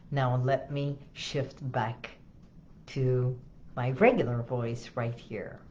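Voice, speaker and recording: A woman hypnotherapist talking in an animated, hands-on way from her office. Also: a bass voice, lo-fi sound. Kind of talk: casual talk to camera.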